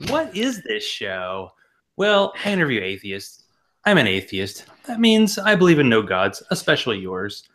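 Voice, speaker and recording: Guy hosting a podcast, goofy hype intro, mid pitch, casual banter. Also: a little slow. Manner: jokey, animated delivery with exaggerated intro. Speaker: podcast host.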